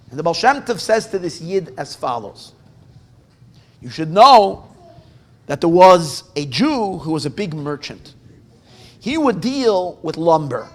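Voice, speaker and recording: A male rabbi telling a story at a live gathering in an animated, conversational way, often breaking off and restarting his sentences. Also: high voice. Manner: animated, conversational, self-interrupting.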